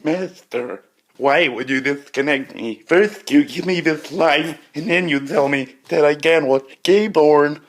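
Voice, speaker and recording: A man voicing a newly awakened male AI in a drawn-out robotic voice. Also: on the high side, voice pushed up. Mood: pleading.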